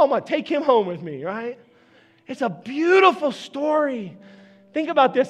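A man preaching a sermon as pastor, talking conversationally and addressing the congregation directly. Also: extremely high pitch.

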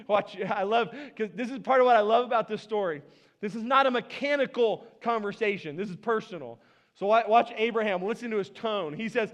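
A man's voice: high voice, brisk. A man preaching a sermon in a conversational way, acting out the scripture dialogue with playful asides. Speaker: pastor.

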